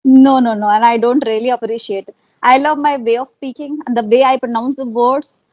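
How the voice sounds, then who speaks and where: A woman with an Indian accent speaks earnestly in a casual conversation, her voice sitting a little high. She repeats herself and fills pauses with "uh" and "like." The sound is dry and close, with no room echo. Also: steady tone, darkish tone, dull audio. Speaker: interviewee, English learner.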